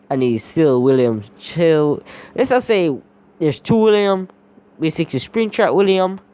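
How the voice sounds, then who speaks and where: Male storyteller, casual and rambling, dark mellow voice. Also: medium pitch, clear, resonant tone. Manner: rambling, leans heavily on "basically". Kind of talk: casual fan-story narration.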